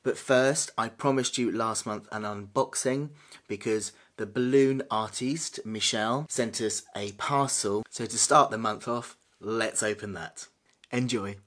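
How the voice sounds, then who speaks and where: A woman chatting excitedly on a home vlog, giggly and given to squeals of delight. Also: a bass voice, measured pace. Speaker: vlogger. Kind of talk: casual vlog chat. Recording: echoey home room, faint hiss.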